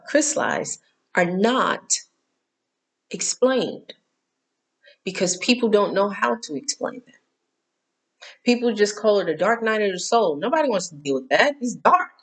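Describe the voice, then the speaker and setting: A woman's voice: medium pitch, expressive, moderate pace, pauses often. A middle-aged woman hosting a casual spiritual talk, candid and emphatic, repeating herself and cursing now and then.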